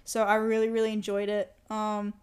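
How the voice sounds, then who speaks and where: A woman's voice: mid-range voice, monotone, normal speed. A young woman co-hosting a book podcast in casual chat, bubbly and giggly with lots of fillers, recorded in a lounge room. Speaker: podcast co-host. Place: lounge room in a house by a main road.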